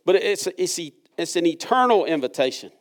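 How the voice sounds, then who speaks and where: During a church service, a pastor with a fairly high, sing-song voice preaches briskly. He reads scripture and puts earnest, conversational questions to the congregation.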